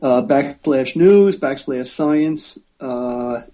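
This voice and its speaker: Husky guy kinda unsure, um-ing a lot, sounds a bit muffled. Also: mid-range voice, mellow. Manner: hesitant, many fillers, slow when spelling out details. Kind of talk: casual chat.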